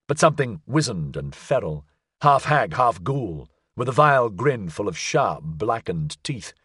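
A man reading a suspense story aloud, his voice slightly husky and his pitch moving in lively rises and falls. The recording is close and dry, and the pacing holds the tension steady. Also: no echo. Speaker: audiobook narrator. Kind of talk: scripted narration.

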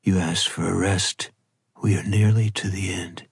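A man doing a low, stiff, secretive young man. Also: little pitch movement, measured pace, vocal fry, husky, no echo, heavily acted.

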